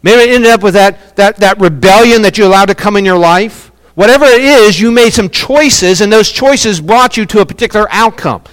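A man preaching a sermon as pastor, emphatic and repeating key words with long pauses. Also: high-pitched, a bit bright, big-room sound.

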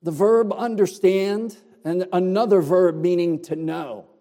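A man preaching an expository sermon, explaining the Greek words of a passage with deliberate emphasis. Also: high voice, dark tone. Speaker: pastor. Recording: long hall reverb.

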